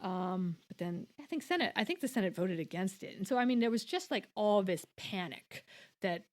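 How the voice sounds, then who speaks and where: A woman's voice: mid-range voice, lively intonation, moderate pace. A woman co-hosting a podcast, explaining things at length in casual chat, with many restarts and quoted voices. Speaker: podcast co-host.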